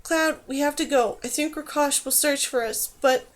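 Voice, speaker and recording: Woman voicing a young girl, earnest, urgent, high voice. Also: normal speed, natural voice. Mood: dismayed. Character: young girl who talks to animals, earnest.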